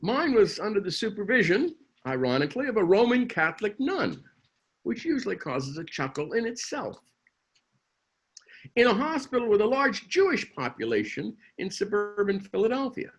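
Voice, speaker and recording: A man's voice: high voice, very animated, normal speed, breathy edge, dull audio. A man delivering a sermon as a minister, telling a story with dry humor.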